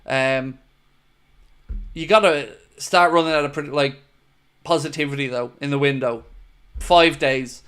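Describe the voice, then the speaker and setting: A man's voice: a little high, measured pace, pauses often, a bit bright, clean tone. A man hosting a football fan livestream, chatting casually and answering viewers in an earnest, opinionated way. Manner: opinionated, earnest, talks straight to viewers with "mate". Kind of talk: casual livestream chat, reading viewer comments.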